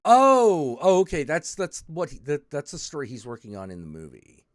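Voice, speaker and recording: A man co-hosting a casual chat, lively and often stammering over repeated words. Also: a little high, moderate pace, no echo, clean studio sound. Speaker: podcast co-host.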